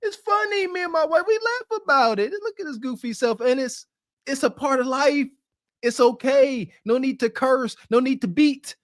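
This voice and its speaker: A man's voice: extremely high pitch, no echo, clean studio sound. A man co-hosting a podcast, giving mocking, preachy reaction commentary. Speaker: podcast co-host.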